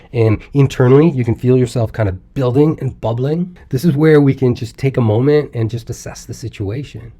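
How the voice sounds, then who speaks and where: A man giving a self-help video talk as a recovery coach, calm and encouraging, with casual asides and the odd laugh. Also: medium pitch.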